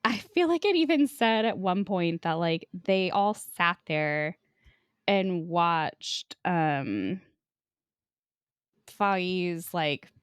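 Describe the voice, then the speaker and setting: A woman's voice: on the low side, expressive, very slow, clean tone, dry recording, clean studio sound. A woman co-hosting a casual book podcast, loosely retelling a plot with frequent "like" fillers and casual swearing. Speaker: podcast co-host.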